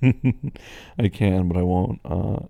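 A man's voice: low-pitched, extremely slow, vocal fry, mellow, no room sound, dull audio. An American man hosting a casual chat, answering listener questions in a rambling way with lots of fillers and restarts. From United States.

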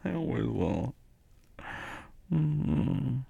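Low slow guy doing a whispered boyfriend role-play, soft and tender, laughs a lot. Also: expressive, vocal fry, husky. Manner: soft, tender and doting, with frequent quiet laughs and murmured hums. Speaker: ASMR role-play performer as caring boyfriend.

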